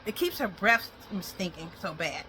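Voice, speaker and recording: A woman's voice: lowish voice, lively intonation, normal speed, bright, forceful tone, slight background noise. A woman chatting casually in a home vlog while brushing her dog's teeth, rambling and switching to coaxing baby talk. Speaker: dog owner vlogger.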